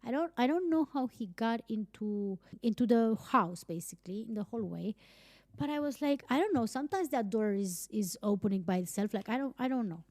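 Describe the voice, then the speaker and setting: Chatty young woman, higher voice. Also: fairly quick, no room sound, clean studio sound. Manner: chatty and animated, lots of "like" fillers, casual swearing. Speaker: podcast host. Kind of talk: casual storytelling monologue.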